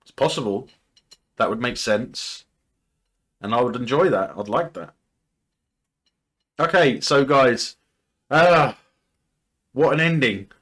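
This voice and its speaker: A man's voice: medium pitch, lively intonation, slow, pauses often, fairly bright tone. A man hosting a TV reaction video, casually thinking aloud and speculating, often restarting his sentences.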